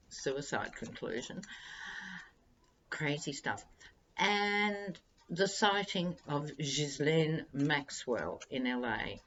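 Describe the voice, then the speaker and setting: A woman's voice: deep voice, a bit bright, dull audio, slight background noise. A woman, chatting wryly and directly to her viewers as a tarot-reading vlog host. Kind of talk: casual monologue to viewers.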